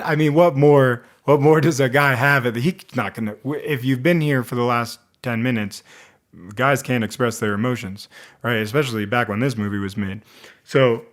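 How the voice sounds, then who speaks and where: A man vlogging a casual movie review, rambling and animated, with a lot of restarts. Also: mid-range voice, moderate pace. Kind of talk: casual one-take commentary.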